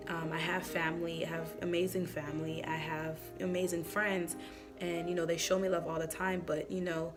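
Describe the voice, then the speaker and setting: A woman's voice: fairly low pitch, little pitch movement, normal speed, music in the background. A woman telling a heartfelt personal testimony in a conversational way, tearful at times, using many fillers. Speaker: church member sharing a personal testimony. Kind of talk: emotional personal testimony vlog.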